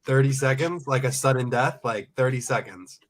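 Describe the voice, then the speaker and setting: A man's voice: medium pitch, normal speed, a little hiss or hum. A young man hosting a casual live stream. He chats with viewers, reads their comments aloud and laughs often. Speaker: livestream host and reseller. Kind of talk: casual livestream chat.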